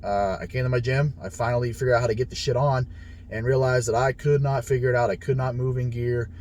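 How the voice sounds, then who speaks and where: A man's voice: medium pitch, fairly even intonation, fast, darkish tone, slight background noise. A man casually telling a story about his training, blunt and heavily profane, acting out the conversations he had. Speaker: powerlifter sharing his experience.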